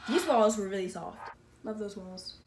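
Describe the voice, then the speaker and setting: A woman telling a story in a casual vlog, excitable and gushing, filling her talk with "like" and calling her listener "sister.". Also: medium pitch, moderate pace, very noisy. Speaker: vlogger.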